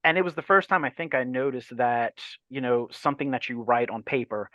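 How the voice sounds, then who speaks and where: A Louisiana man in his forties, appearing as a guest author on a casual podcast, tells animated anecdotes, acting out the voices in them and swearing freely. He speaks briskly at medium pitch, and the dry recording sounds muffled.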